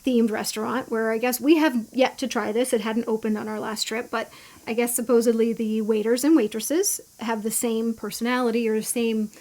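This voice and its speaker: A woman co-hosting a theme park podcast in casual chat, chatty and quick to agree with her partner. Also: a little high, fairly even intonation, darkish tone. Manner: chatty, agreeing with short fillers. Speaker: podcast co-host.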